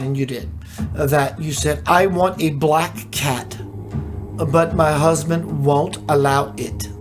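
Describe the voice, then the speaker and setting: A spiritual teacher hosting a live stream, speaking slowly and musingly with many rhetorical questions, and reading out viewers' chat comments. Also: mid-range voice.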